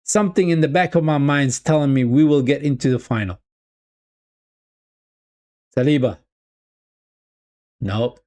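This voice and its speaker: A man streams a live football watch-along, commenting chattily at a medium pitch and measured pace, with long pauses. He repeats phrases, calls his viewers "people," and swings between excitement and deflation.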